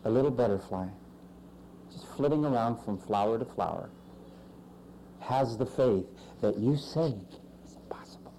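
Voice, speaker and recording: A male pastor preaching a sermon with emphatic swings in pitch and loudness. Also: animated, a little slow, long pauses, slight background noise, rough recording.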